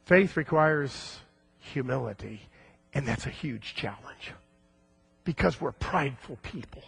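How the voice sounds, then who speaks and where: A male preacher telling a story in a sermon, animated and acting out the characters' voices. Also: medium pitch, a little slow, gravelly, husky, soft background music.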